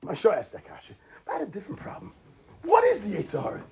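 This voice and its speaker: A man teaches an animated, emphatic Torah lecture packed with rhetorical questions and repetition, swinging between soft asides and near shouts. His voice sits high and has a creaky, breathy edge, and he talks fast.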